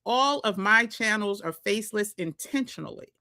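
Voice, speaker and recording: A woman's voice: medium pitch, animated, moderate pace, sharp tone. A woman with a New York accent, coaching viewers in a chatty vlog, laughing often. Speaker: social media coach. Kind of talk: casual vlog talk to viewers.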